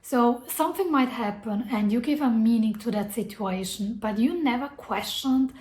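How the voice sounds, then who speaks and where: Woman, higher voice, reflective and earnest, casual fillers, roomy echo. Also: normal speed, darkish tone. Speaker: self-development vlogger. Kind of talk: personal advice talk to camera. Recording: echoey room.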